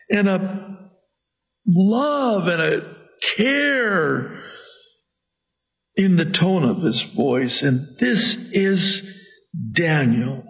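A male pastor preaching a sermon in an emphatic, theatrical way, swinging between quiet and loud. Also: high-pitched, lively intonation, very slow, long pauses.

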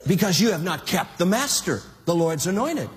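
A bold young warrior, acted out by a male preacher, calls mockingly across a distance to a general, in a high voice that swings widely in pitch. The sound carries a long reverb, as in a large hall. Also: big pitch swings, normal speed.

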